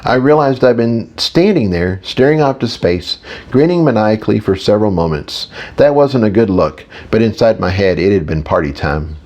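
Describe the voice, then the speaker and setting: Casting: male audiobook narrator, casual first-person read, low voice. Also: animated, normal speed, darkish tone, dull audio. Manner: casual, with small reading slips.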